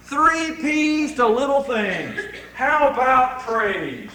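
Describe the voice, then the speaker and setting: A man preaching a sermon to a congregation, telling folksy stories in an animated way. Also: very high voice, slow, echoey room, slight background noise, rough recording.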